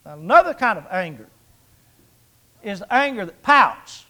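A man's voice: sits high, very animated, normal speed, bright, forceful tone. A man in his sixties preaching a sermon in a folksy, conversational way, with jokes and rhetorical questions. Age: 60s.

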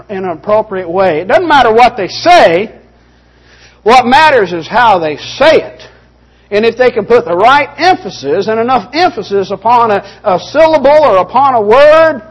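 A man's voice: high voice, husky. A man preaching a sermon from Texas in an earnest way that rises to stern, emphatic points. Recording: dull muffled sound.

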